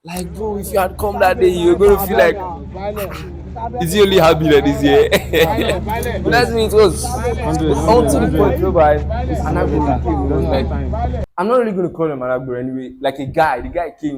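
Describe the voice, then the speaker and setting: Young man, slangy, laughing storyteller, fairly high voice. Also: moderate pace, crowd noise, poor audio. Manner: excited, laughs often, slangy. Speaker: vlogger. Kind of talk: casual storytelling recap.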